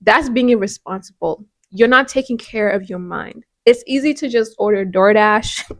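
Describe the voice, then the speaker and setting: A woman's voice: medium pitch, normal speed, no echo. A woman hosting a devotional podcast. She talks in an earnest, conversational way and often restarts her sentences. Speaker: podcast host.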